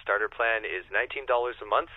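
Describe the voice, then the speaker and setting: A man's voice: lowish voice, fast talker, no room sound, phone-quality sound. Casual synthetic male AI voice agent. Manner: casual, upbeat, short replies. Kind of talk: customer service phone chat.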